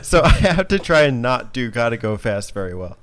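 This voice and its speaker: A man's voice: medium pitch, sing-song, fairly quick, a bit bright. A man guesting on a gaming podcast, dry and wry in casual chat.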